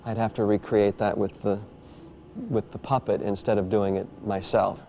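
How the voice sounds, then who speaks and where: A man's voice: on the low side, flat delivery, moderate pace, mellow, slight background noise. Thoughtful, hesitant male ventriloquist. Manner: thoughtful, hesitant with many restarts. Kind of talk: documentary interview.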